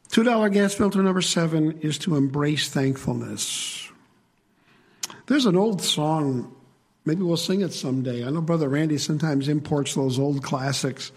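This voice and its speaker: A man's voice: a little high, unhurried, darkish tone, husky. A man preaching a sermon to a congregation in a conversational way, asking the listeners questions.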